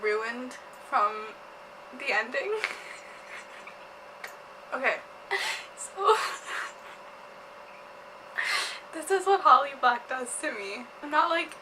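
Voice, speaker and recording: A woman's voice: high voice, expressive, slow, pauses often, background noise. A young woman vlogging about a book, giggly and gushing, laughing and apologizing as she talks. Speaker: booktube vlogger. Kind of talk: casual chat.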